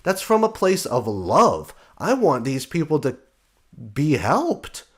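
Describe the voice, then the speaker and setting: A man's voice: fairly high pitch, huge pitch swings, slow. A man hosting a show, delivering a blunt, sarcastic opinion monologue. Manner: blunt, sarcastic, mocking quoted voices. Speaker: podcast host.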